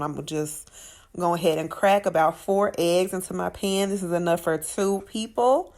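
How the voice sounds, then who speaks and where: A woman hosting a cooking channel, talking through her recipe in a sassy, chatty voice-over and calling her viewers honey and child. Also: medium pitch.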